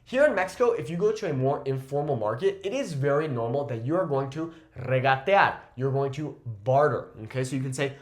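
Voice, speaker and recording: A man teaching a language lesson, slowly repeating phrases and often checking in with "okay?". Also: mid-range voice, animated. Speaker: Spanish teacher. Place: Mexico.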